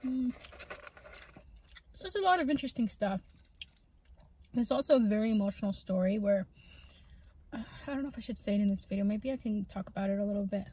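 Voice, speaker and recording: A woman's voice: mid-range voice, lively intonation, a little fast, long pauses, a little hiss or hum, poor audio. A woman vlogger in a casual chat while she eats, talking with her mouth full and musing in a rambling way, with lots of fillers. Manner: soft-spoken, wondering. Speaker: mukbang vlogger.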